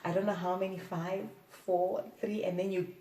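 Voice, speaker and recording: A woman hosting a playful sex-advice talk, often giggling and letting out drawn-out "ooh"s. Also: lowish voice, level tone, warm tone, distant mic. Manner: giggly, playful, breathy exclamations. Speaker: host. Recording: echoey room, off-mic.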